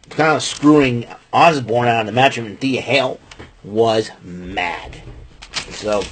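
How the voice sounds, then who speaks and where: A man's voice: medium pitch, background noise. A man casually recapping a wrestling show, rambling with many fillers and restarts. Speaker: podcast host recapping wrestling.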